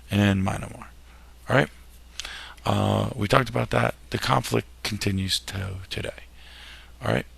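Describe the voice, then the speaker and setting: A male history teacher talks through his slides in a low, gravelly voice. The tone is husky and rough at the edges, and he keeps dropping in jokey, self-deprecating asides. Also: a bit bright. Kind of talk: recorded classroom lecture over slides.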